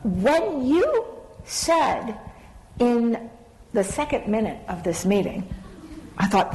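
A middle-aged woman telling a self-mocking story on a panel, animated and laughing through it. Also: high voice, slow, pauses often. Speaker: panel speaker. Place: large conference hall. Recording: hall reverb, faint background noise.

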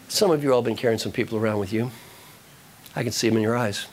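A man giving a live motivational talk to an audience, animated and repetitive, giving direct instructions. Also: fairly low pitch, fast, pauses often, a little hiss or hum. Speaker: motivational speaker.

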